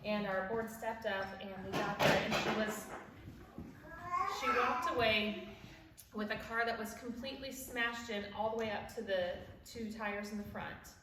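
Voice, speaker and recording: A woman's voice: medium pitch, moderate pace. A woman in her forties telling a personal story at a church event, laughing as she goes and acting out the people she quotes. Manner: warm storytelling, laughs at her own stories, acts out quoted voices. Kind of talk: personal story with a devotional message. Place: church hall. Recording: echoey hall from far off with background noise.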